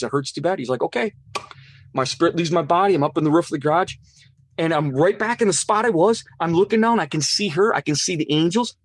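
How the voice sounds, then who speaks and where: Male interview guest, higher voice, earnest animated testimony, dry close sound. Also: no room sound. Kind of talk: personal testimony storytelling.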